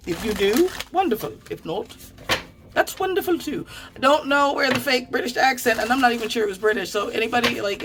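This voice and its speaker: A woman giving a casual tarot card reading, chatty and quick to swear, often stammering and restarting her sentences. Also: mid-range voice, background noise. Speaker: tarot reader.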